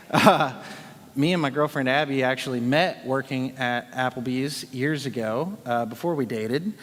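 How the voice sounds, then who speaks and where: A man's voice: medium pitch, a little slow, fairly bright tone. Chatty man preaching in a hall. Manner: chatty, joking, with many fillers. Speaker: worship leader. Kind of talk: casual sermon talk.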